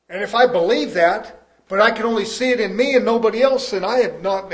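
A man preaching a sermon, reading scripture slowly and loudly, then dropping to quiet asides with chuckles. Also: high voice. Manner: reads scripture in slow, drawn-out emphasis.

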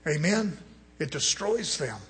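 Husky preacher man, fiery and hushed by turns. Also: animated, measured pace. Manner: swings from loud rising exhortation to low murmured asides; mimics other people in quoted voices. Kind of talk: sermon.

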